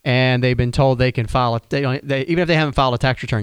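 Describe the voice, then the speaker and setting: A man hosting a radio advice show with a smooth, resonant voice. He talks in a casual, folksy way and often restarts his sentences. The studio sound is close and dry. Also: medium pitch, fairly even intonation, fast, dry recording. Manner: conversational, folksy, frequent restarts. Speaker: radio show host, financial planner.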